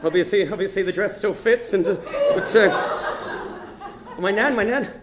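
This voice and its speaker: A man's voice: sits high, moderate pace, a loud crowd, very noisy. A man doing stand-up storytelling on a comedy stage, rambling and self-mocking, with frequent restarts. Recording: roomy live venue.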